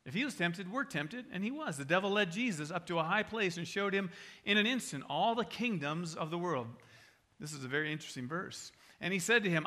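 Bright-voiced preaching man. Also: a little high. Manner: emphatic preaching with rhetorical questions to the congregation. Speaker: pastor. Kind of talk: sermon.

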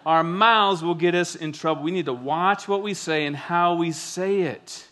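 A man preaching a sermon with a bright, forceful voice that sits a little high. He tells stories with animated delivery, acting out the quotes. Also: normal speed. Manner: animated storytelling, acts out quotes. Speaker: pastor.

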